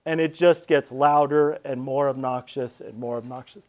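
A man in his thirties from Colorado, giving a casual, animated storytelling talk as convocation speaker. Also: medium pitch, normal speed. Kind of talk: storytelling speech.

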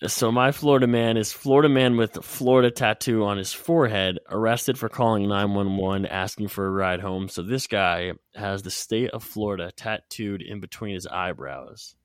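A man's voice: lowish voice, normal speed, hardly any pauses, smooth, no echo, studio quality. A man co-hosting a sports podcast, sounding nasal and congested, blunt and casual with some swearing. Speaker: podcast co-host.

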